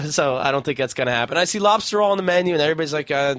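A man's voice: fairly high pitch, expressive, fast talker, fairly bright tone. Profane, rambling man on a podcast. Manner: profane, rambling, jokey storytelling. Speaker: podcast co-host. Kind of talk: casual crude banter.

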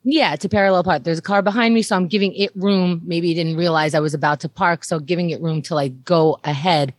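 A woman's voice: on the low side, fairly even intonation, fairly quick, no echo. A woman, telling a story in a casual chat, chatty and wry. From New York.

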